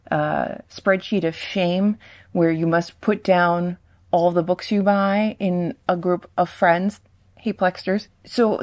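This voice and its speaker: A woman's voice: medium pitch, a little mellow. A woman booktuber chatting to camera about her reading goals in a casual, self-mocking and emphatic way, recorded at home on a sensitive condenser mic. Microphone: ASMR-style condenser mic.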